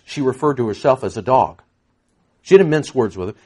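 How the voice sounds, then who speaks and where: A man's voice: mid-range voice, brisk, husky. A man preaching an expository sermon, reading verses aloud and acting out the dialogue with frequent fillers. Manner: animated, acts out scripture dialogue, frequent fillers.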